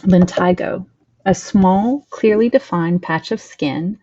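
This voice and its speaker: A woman's voice: on the low side, gravelly, dark tone, no echo, dull audio. A woman teaching a training lesson, reading slides aloud with a slight lisp, stumbling over terms and correcting herself. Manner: reads text aloud, stumbles and corrects herself, adds plain explanations. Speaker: instructor.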